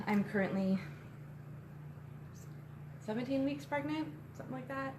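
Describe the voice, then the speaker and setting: A woman's voice: high voice, moderate pace. A young woman talking in a loose, rambling way, with plenty of "um"s, and audibly winded. She is recorded on a phone in an echoey little shop, with a faint hiss underneath. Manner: chatty, rambling with many fillers. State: out of breath. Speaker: co-host and shop co-owner. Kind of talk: casual live-stream chat. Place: inside a small shop. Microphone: phone on a tripod. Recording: echoey room with faint noise.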